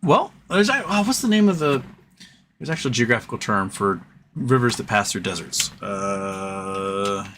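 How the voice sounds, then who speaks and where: A man hosts a casual live stream from a room at home, rambling through stories with plenty of fillers and side tangents. His voice is bright and forward, and a faint hiss of noise sits behind it. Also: lowish voice, a little slow. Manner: rambling, animated storyteller with frequent fillers and asides.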